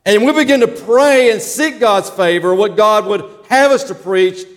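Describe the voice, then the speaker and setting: A preacher with a high, bright voice delivers a sermon to his congregation. He stretches out the words of the scripture he reads and keeps calling for answers from the pews. His voice rings with the long reverb of a large church hall. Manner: Bible reading with drawn-out emphasis; asks the congregation for responses.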